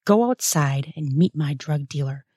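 A scornful older nun hisses her lines low and slow, as a woman reads her part in a story. The voice sits low, drawn out unhurriedly, close and dry with no room sound. She snarls more than she speaks. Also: lively intonation, warm tone, breathy edge, no echo, exaggerated voice. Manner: snarling, hissing delivery. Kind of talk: read-aloud erotic story.

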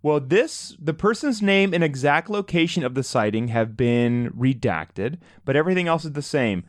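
A man's voice: a little high, animated, moderate pace, no room sound, studio quality. A man co-hosting a podcast in casual chat, playful and jokey as he tells a story. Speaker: podcast co-host.

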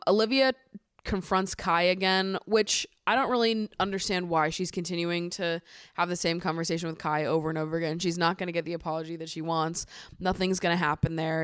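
A woman's voice: steady tone, brisk, smooth, no room sound, studio quality. A woman hosting a podcast, recapping a reality show in a chatty, swearing, exasperated way. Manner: chatty, swears freely, rises to exasperated high pitch when ranting. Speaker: podcast host.

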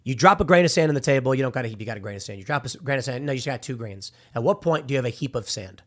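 A man giving casual, argumentative opinion commentary with a slangy, animated way of talking. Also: mid-range voice, very fast.

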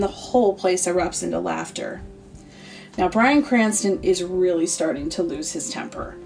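A woman narrating a comedic story in a deadpan, sardonic way. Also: fairly low pitch, normal speed, vocal fry. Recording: distant mic, faint music.

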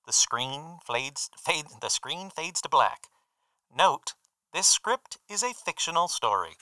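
Guy doing a screenplay narrator voice reading stage directions, super bright and smooth, lively. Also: fairly high pitch, takes it slowly, no room sound, exaggerated voice. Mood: formal.

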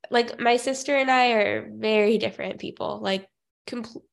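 A young woman co-hosts a podcast with a voice that sits a little high. She chats casually with a snarky edge and often laughs or trails off mid-sentence. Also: steady tone, normal speed, vocal fry. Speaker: podcast co-host.

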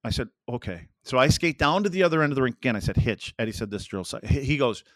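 A man's voice: medium pitch, expressive, fast, no echo. Older man telling rambling anecdotes, dry sound. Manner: rambling anecdotes with acted-out quotes. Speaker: podcast guest, former hockey player. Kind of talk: casual storytelling.

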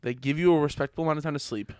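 A young man co-hosting a podcast, rambling and joking in casual chat, now and then slipping into high mocking voices. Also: very fast. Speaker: podcast co-host.

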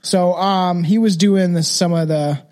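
A man's voice: high voice, steady tone, unhurried, a little mellow. A man co-hosting a podcast, chatting casually and crudely about a true crime case, often restarting his sentences. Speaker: podcast co-host.

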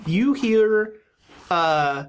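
A woman's voice: mid-range voice, expressive, extremely slow. A woman narrating as game master for a tabletop horror game, talking in a chatty way with fillers and restarts.

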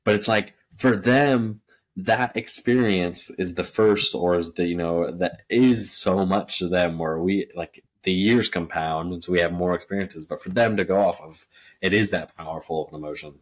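A man with a very deep, low voice chats casually on a podcast. His speech is loose and full of "like," with an occasional curse thrown in. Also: normal speed. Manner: casual, heavy use of "like," some swearing. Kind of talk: casual chat.

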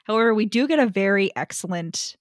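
A woman's voice: mid-range voice, expressive, brisk, dry recording, studio quality. A woman co-hosting a book podcast in casual chat, rambling with lots of "like" and frequent laughter. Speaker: podcast co-host.

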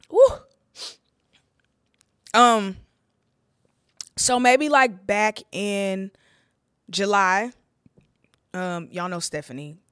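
A woman's voice: medium pitch, drawn-out words, long pauses, fairly bright tone, smooth, no room sound, clean studio sound. A young woman, a preacher, talking through her testimony on a podcast in a candid, heartfelt way, with a lot of "like" fillers. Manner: conversational, heartfelt, with frequent "like" fillers.

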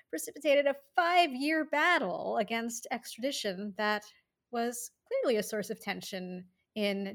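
A woman co-hosting a casual history podcast, telling the story in an easy, amused way with frequent laughs. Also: on the high side. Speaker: podcast co-host.

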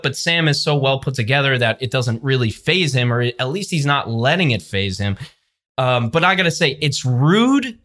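With a fairly high, sharp voice, a podcast producer gives a brash, mocking review straight to the camera, a laptop sitting in front of him.

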